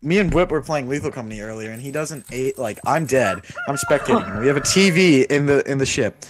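A man's voice: mid-range voice, animated, fairly quick, noisy background. Teasing man steering a voice chat. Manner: teasing, tries to keep order. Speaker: gaming group member. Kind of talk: casual voice chat.

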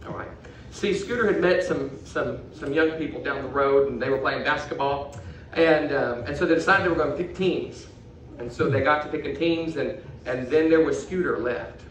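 A man's voice: a little high, fairly bright tone, a little hiss or hum. A man doing a children's puppet show, telling a story animatedly to a silent puppet in front of a room of children. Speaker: children's minister and ventriloquist. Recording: echoey room from far off, music behind.

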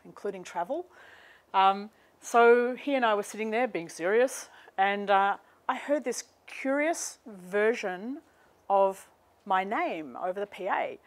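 A middle-aged woman gives a university seminar lecture into a microphone before an audience. She tells stories in a wry, anecdotal way, with mid-range pitch for a woman. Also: fairly bright tone. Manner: humorous anecdotal storytelling. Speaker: guest lecturer.

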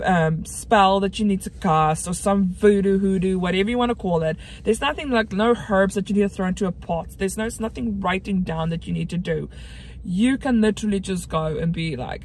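A woman's voice: mid-range voice, moderate pace, a little mellow, slight background noise. A young woman, chatting earnestly in a casual home vlog, full of fillers and restarts. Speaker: vlogger.

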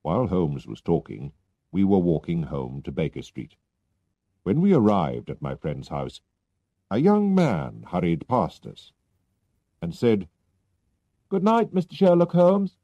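A man reading a story slowly and clearly for English learners. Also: sits low, wildly swooping pitch, warm tone, dry recording. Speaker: narrator. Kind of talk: scripted narration for English learners. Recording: dull lo-fi recording.

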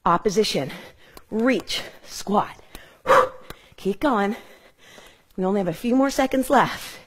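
A woman's voice: medium pitch, slightly rough. Middle-aged woman fitness instructor, breathing hard, upbeat cueing, clip-on mic at home. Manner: upbeat, counts and cues moves while exercising. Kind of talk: live workout instruction.

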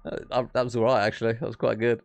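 A man's voice: mid-range voice, little pitch movement, racing, creaky, faint music behind. A man hosting a live esports stream, casting casually with laid-back, jokey chatter. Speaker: esports caster and stream host. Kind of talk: relaxed live casting and banter.

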